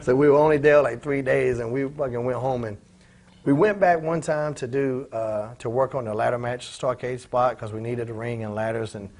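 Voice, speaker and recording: A man's voice: mid-range voice, fairly even intonation, normal speed, darkish tone. A man in his forties, a former pro wrestler telling profane stories in an interview and acting out the voices of the people in them. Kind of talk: casual storytelling in a shoot interview.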